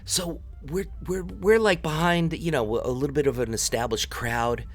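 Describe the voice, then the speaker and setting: A man's voice: fairly high pitch, fairly even intonation, normal speed, soft background music. A man in his thirties from the New York area, casually telling a story and talking viewers through his gameplay in a chatty, rambling, teasing way. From New York area, United States. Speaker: gameplay commentator.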